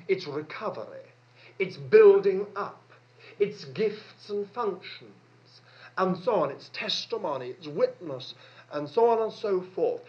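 A man's voice: on the high side, lively intonation, measured pace, a little mellow. A man preaching a sermon with emphatic delivery, repeating phrases for stress. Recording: dull lo-fi sermon recording.

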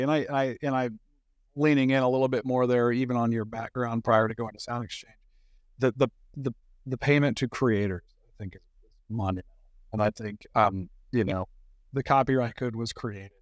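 Guy hosting a podcast, friendly and upbeat, trips over his words, mid-pitched, dry sound. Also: steady tone, moderate pace, no room sound. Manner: friendly, enthusiastic, stammering restarts. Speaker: podcast host. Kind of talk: podcast interview.

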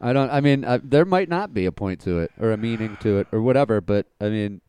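A man's voice: lowish voice, animated, fast talker, dark tone, clean tone. A young man co-hosting a casual podcast, telling rambling stories and answering earnestly, with easy laughter. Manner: rambling storyteller, earnest, reassuring, laughs easily. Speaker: podcast co-host. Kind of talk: casual chat.

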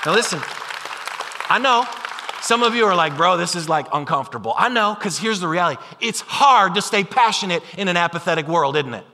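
Male preacher with a high, bright voice, lively and chatty delivery, long hall reverb. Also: fairly quick, a faint crowd. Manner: animated, conversational, acts out imagined voices. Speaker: pastor. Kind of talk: sermon.

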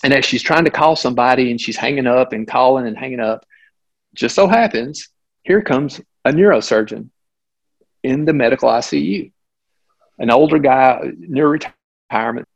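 A man's voice: medium pitch, moderate pace, gravelly, poor audio. Middle-aged male doctor telling a case story. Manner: animated, with frequent restarts and asides. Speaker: physician guest. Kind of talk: conversational storytelling.

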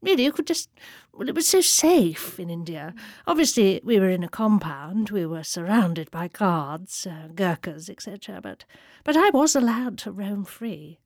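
A woman's voice: medium pitch, expressive, moderate pace, a little mellow, no echo, clean studio sound. A woman playing an elderly, genteel romance novelist who talks in a prim, rambling, way. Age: older. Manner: prim, rambling, colonial-era posh. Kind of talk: comic interview sketch.

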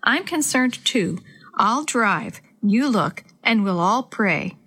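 A woman reading aloud, voicing a kind, steady father who leads the search and reassures the children. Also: a little high, slow, husky, heavily acted. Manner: calm, reassuring.

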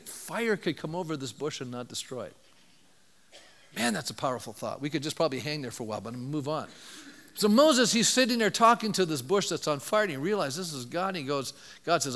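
High-voiced pastor preaching in a reverberant hall. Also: male voice. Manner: animated, rhetorical questions to the congregation. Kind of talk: sermon.

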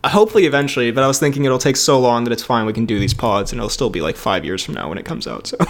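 A man's voice: mid-range voice, animated, quick pace. A young man co-hosting a casual podcast, joking and swearing as he chats. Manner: joking, swears, laughs often. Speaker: podcast co-host. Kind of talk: casual chat.

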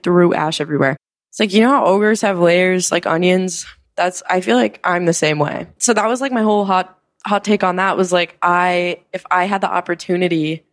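A young woman hosting a podcast, telling stories in a rambling, casual way with many fillers and casual swearing. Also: lowish voice. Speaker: podcast host. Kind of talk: casual storytelling chat.

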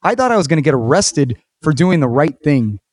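A man hosting a casual podcast interview, telling stories with lively acted-out quotes and casual swearing. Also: fairly high pitch, fairly quick, no room sound, clean studio sound. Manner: animated storyteller, acts out quotes, swears casually. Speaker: podcast host.

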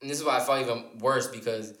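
A young man tells a rambling, profane story at a quick clip, tripping over himself with restarts and fillers. His voice sits at an ordinary pitch for a man. The sound carries a noticeable room echo. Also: fairly even intonation, fairly bright tone. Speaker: podcast co-host. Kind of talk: casual storytelling chat. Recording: echoey room.

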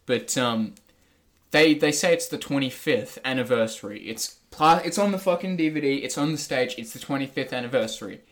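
A man's voice: mid-range voice, a little fast. A young man co-hosting a wrestling review podcast, talking in a loose, rambling way and swearing freely. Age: young adult. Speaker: podcast co-host. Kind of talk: casual wrestling review chat.

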